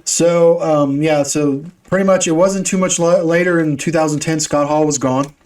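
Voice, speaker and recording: A man's voice: a little high, fairly even intonation, moderate pace, a little mellow, far from the mic. A man co-hosting a podcast, recapping events in order with eager, casual chat. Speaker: podcast co-host. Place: studio. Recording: voice a little off-mic.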